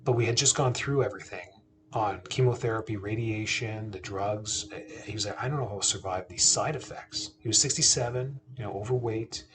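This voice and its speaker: A man's voice: fairly low pitch, brisk, a bit bright, a little hiss or hum. A man, a chiropractor and podcast host, telling a family story in a casual, earnest, conversational way. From Canada. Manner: earnest, conversational, quotes himself and his father.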